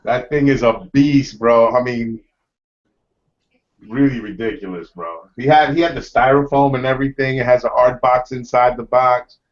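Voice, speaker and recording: A man's voice: medium pitch, normal speed. A man from New York talks casually with friends over a call. His voice sits mid-range, and he strings thoughts together loosely, repeating himself and dropping "bro" everywhere. The audio is dull and lo-fi. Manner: loose, repetitive, says "bro" a lot. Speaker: collector on a group video chat. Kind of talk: casual chat.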